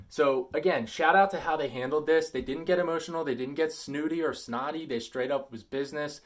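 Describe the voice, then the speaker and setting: A man talking casually in a vlog, reading out an email and commenting on it, with emphatic loud stresses and quieter asides. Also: moderate pace. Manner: animated and emphatic, swinging between loud stresses and low asides. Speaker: vlogger.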